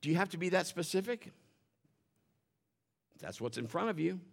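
During a church service, a male pastor preaches to his congregation in a high-sitting voice with vocal fry, at normal speed. His animated sermon wanders into storytelling asides, and he often repeats words as he restarts.

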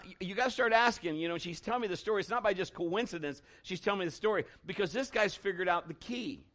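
Preaching in a high, somewhat bright voice, a pastor gradually gets louder and calls out to the congregation as the sermon goes on.

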